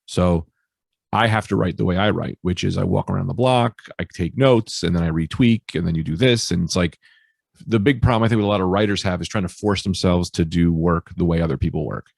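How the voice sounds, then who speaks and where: A male stand-up comedian telling stories in a casual interview, animated and swearing freely. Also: sits low, brisk, vocal fry, dry recording, studio quality. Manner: animated storyteller, swears freely, acts out quoted voices. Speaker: stand-up comedian, podcast guest.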